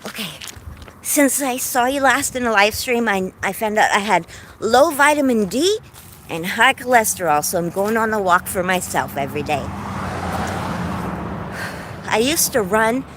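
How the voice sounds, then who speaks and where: A woman's voice: mid-range voice, lively intonation, measured pace, long pauses, fairly bright tone, slight background noise. A woman in her forties chatting on a livestream while out on a walk, effusive and heartfelt as she tells stories. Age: 40s. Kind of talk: casual livestream chat while walking. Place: outdoors on a walk.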